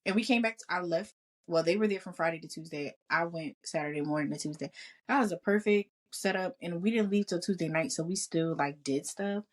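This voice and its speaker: A woman co-hosts a podcast in casual chat. Her voice sits fairly low, and she laughs a lot and swears freely as she tells her stories. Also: a little fast. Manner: laughs often, swears freely, animated storytelling. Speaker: podcast co-host.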